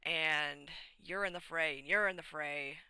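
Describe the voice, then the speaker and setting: A woman's voice: sits low, a little slow, pushed and bright, clean tone, no room sound, heavily acted. A woman voicing an earnest paladin man. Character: earnest male paladin adventurer.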